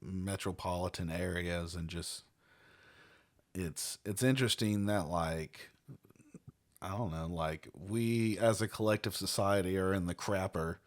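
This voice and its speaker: A man co-hosting a podcast in casual chat, laughing often and trailing off into quiet mumbles. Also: low-pitched, fairly even intonation, a little slow. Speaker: podcast co-host.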